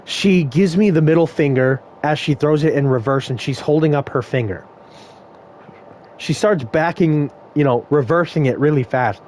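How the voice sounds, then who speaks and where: A man's voice: on the high side, normal speed, a little mellow, a little hiss or hum. Laid-back young guy telling a story. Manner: laughs often, swears, rambling asides. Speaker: vlogger telling a work story. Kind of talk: casual storytelling.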